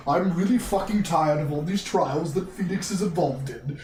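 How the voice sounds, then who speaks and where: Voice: medium pitch, normal speed, a little mellow, slight background noise. A livestream host giving casual, profane, joking commentary while playing a game, laughing often. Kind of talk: casual let's-play commentary. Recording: roomy mic with game music behind.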